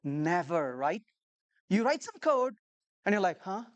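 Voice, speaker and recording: Speaking live to a room full of developers, a woman conference speaker tells stories and poses rhetorical questions to the audience. She's an animated storyteller who acts out conversations, with a lowish voice and a slightly slow pace.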